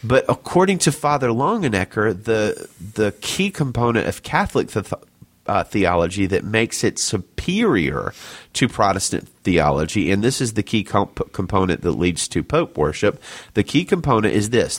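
A man co-hosting a casual discussion podcast, speaking earnestly with frequent restarts and pauses. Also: on the low side, sing-song. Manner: earnest, halting, many restarts, reads quotes aloud. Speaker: podcast co-host.

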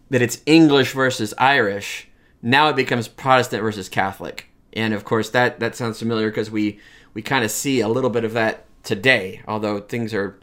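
A man's voice: mid-range voice, a bit bright. Chatty man lecturing on history. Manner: conversational, acts out quoted voices, many restarts. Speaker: history teacher.

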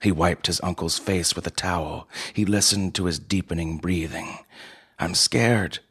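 A male storyteller reading in a steady, measured way. His voice is very deep and noticeably husky. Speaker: narrator. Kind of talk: audiobook story narration.

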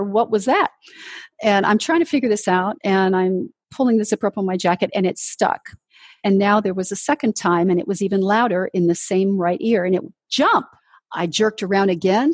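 A woman's voice: mid-range voice, darkish tone, slightly rough, no echo. A woman, a ministry leader, guest on an interview show, telling her personal testimony in an earnest storytelling way, acting out the voices she quotes.

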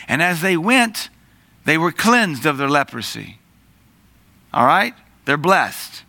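A middle-aged man teaching the Bible in an animated sermon, acting out voices in the story. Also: a little high, slow pace, gravelly, no echo.

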